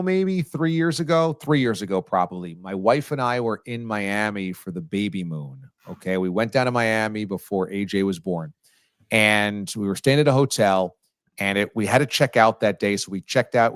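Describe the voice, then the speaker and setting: Animated man hosting a sports show. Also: moderate pace, no room sound, clean studio sound. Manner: animated, teasing, with big pitch jumps. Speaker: sports radio host. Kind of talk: casual storytelling on a sports talk show.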